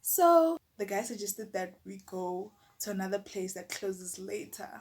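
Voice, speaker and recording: A young South African woman tells a story from her own life, talking in a lively, chatty way. She leans on filler words as she goes. Her voice sits at a middle pitch for a woman. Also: measured pace. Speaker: YouTuber. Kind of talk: casual storytelling.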